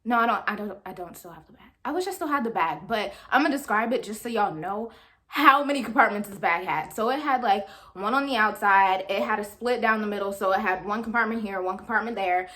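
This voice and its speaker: A woman's voice: medium pitch, fairly quick. A young woman, telling a chatty storytime to her viewers. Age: young adult. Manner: animated, chatty, addresses viewers as y'all. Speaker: vlogger. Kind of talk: storytime vlog.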